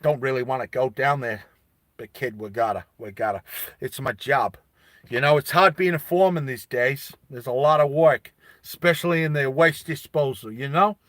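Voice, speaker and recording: A man's voice: mid-range voice, moderate pace, a bit bright, dry recording, clean studio sound, natural voice. An Australian man voicing a big, older male robot foreman who smokes cigars, a tough but kindly boss with blunt, streetwise talk. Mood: weary.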